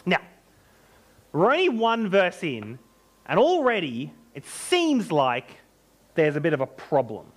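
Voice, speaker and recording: A man preaching a sermon as pastor, emphatic and animated, with joking asides. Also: on the high side, takes it slowly, pauses often.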